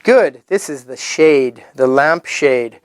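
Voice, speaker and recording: A man leads a children's English vocabulary lesson. His voice swoops up and down in a lively sing-song, and he speaks very slowly. Each word is stretched out and repeated on a close, dry mic. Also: a little high, smooth, no echo. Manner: animated, sing-song, drawn-out repetition of words.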